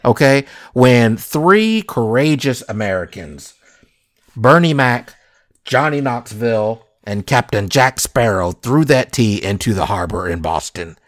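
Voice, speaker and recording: A man's voice: medium pitch, expressive, measured pace. A man hosting a casual comedic chat, joking in a mock-serious way and quizzing his co-host.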